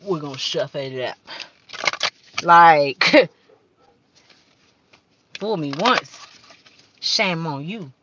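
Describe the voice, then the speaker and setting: A woman's voice: deep voice, animated, extremely slow, pauses often, dull audio, background noise. A woman doing a casual spiritual card-reading vlog, talking fervently in slang, swearing at times and stumbling as she reads the card text aloud. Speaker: card reader.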